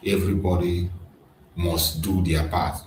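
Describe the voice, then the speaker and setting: A man's voice: deep voice, steady tone, a little slow, a little mellow. A man giving impassioned political commentary, rallying his listeners with emphatic repetition. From Nigeria. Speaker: activist commentator. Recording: echoey room with faint noise.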